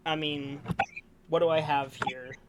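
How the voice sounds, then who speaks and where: A man's voice: fairly high pitch, fairly even intonation, a little slow, very noisy. Rambling young-sounding man hosting awards. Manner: rambling, self-correcting, enthusiastic about players. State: hiccuping. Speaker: co-host presenting awards. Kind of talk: casual sports review chat.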